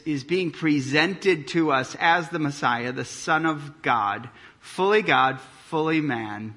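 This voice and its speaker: A man preaching a sermon, reading scripture aloud and explaining it with animated emphasis. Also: fairly high pitch. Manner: animated preaching, reads scripture aloud, drops to quiet intensity. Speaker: pastor.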